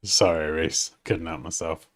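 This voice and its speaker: A man's voice: extremely low pitch, fairly even intonation, a little slow. A man hosting a design livestream, chatting casually as he works and laughing often at himself.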